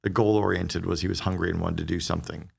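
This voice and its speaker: Fast-talking gravelly man telling stories. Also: low voice. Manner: fast, animated storyteller who acts out quoted dialogue. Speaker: guest, business strategist. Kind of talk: conversational podcast storytelling.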